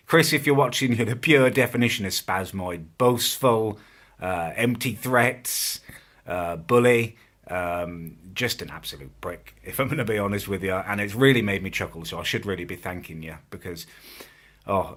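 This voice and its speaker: A man's voice: sits low, a bit bright. A man, ranting mockingly and incredulously in a casual vlog. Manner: mocking, incredulous, laughing at the subject. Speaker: YouTuber reacting to a video about him.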